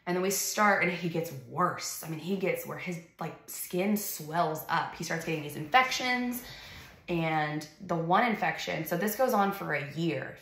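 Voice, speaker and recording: A young woman tells a personal testimony with earnest feeling. Her voice sits low and has a gravelly fry. She is recorded in an echoey room. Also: fairly bright tone. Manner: earnest, emotional storytelling with casual fillers. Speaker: mother sharing her story.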